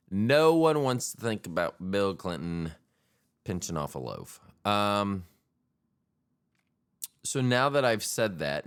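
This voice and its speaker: A man with a very low voice hosts a solo podcast in a casual comic monologue. He talks slowly and rambles, poking fun at himself with crude jokes. His pitch swings widely from phrase to phrase. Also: smooth. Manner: rambling, self-deprecating, crude humor. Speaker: podcast host.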